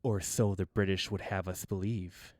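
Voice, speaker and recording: A man's voice: low-pitched, steady tone, moderate pace, a little mellow, dry recording. A man hosting a casual guitar gear demo, enthusiastic and rambling, with many restarts.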